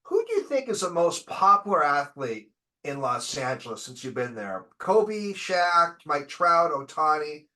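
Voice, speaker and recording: A man hosts a podcast with a bright, forceful voice that swings up and down a lot. He is a little higher than most men and keeps chiming in eagerly to agree or ask questions. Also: big pitch swings, measured pace. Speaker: podcast host. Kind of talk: casual interview chat.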